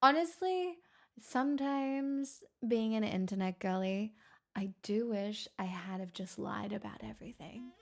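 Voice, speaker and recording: Measured and creaky, this mid-range female voice belongs to a live streamer reading her chat. She rambles through casual conversation with viewers, speaking frankly, swearing, and frequently breaking into laughter.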